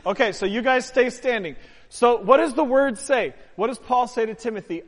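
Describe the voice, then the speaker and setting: A man's voice: extremely high pitch, normal speed, big-room sound. A man preaching a sermon to his church, joking with the congregation and drawing them in. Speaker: pastor. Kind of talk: sermon with audience participation. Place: church sanctuary.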